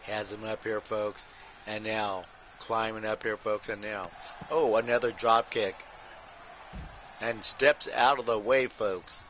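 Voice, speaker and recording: A man calling wrestling play-by-play over a video game like a ring announcer, tacking "folks" onto almost every line and bursting into shouts at big moves. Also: on the low side. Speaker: host and play-by-play commentator. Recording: muffled audio with steady background noise.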